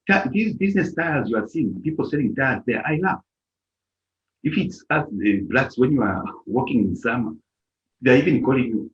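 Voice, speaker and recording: Male speaker, mid-pitched, very expressive delivery, advising an audience on a muffled live stream. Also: moderate pace. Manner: animated, emphatic storytelling with repetitions. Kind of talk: informal motivational talk. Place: lives in Germany. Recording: dull lo-fi live stream audio.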